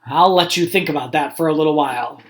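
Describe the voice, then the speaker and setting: A fast-talking man with a voice on the high side, he's a principal sharing picture books aloud with students online. Between read passages he drops in friendly, chatty asides.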